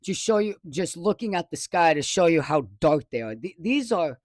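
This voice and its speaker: A high-pitched man talks through a home weather live stream. He rambles, backtracks and corrects himself, sounding excitable. His voice is recorded close on a desk microphone in a dry room. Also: normal speed, no room sound.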